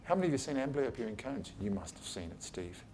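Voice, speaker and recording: A man's voice: medium pitch, big pitch swings, fast, darkish tone, soft background music. A man, an eye surgeon giving an informal talk to colleagues in his office, blunt and chatty, swearing casually and acting out exchanges with patients. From Australia. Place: his office, talking to a small group.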